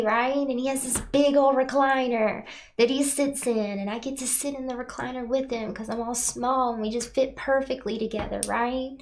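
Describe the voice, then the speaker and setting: A woman with a voice pitched a little high. She talks earnestly to her viewers about spiritual matters, checking in with a "right?" after her points. She sounds emotional and close to tears. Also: steady tone, moderate pace. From North Carolina, USA. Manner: earnest, tags lines with "right?", speaks of herself in third person. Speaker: spiritual channel host. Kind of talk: heartfelt spiritual talk to viewers.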